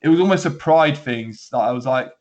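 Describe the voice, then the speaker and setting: A man's voice: a little high, animated, fairly quick, darkish tone, dull audio. A man co-hosting a football podcast, talking in a rambling, laughing way with lots of restarts. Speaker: podcast co-host. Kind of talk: casual chat.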